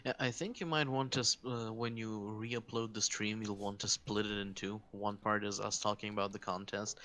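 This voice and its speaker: A man co-hosting a stream, making quiet, offhand remarks in casual chat. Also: lowish voice, little pitch movement, normal speed.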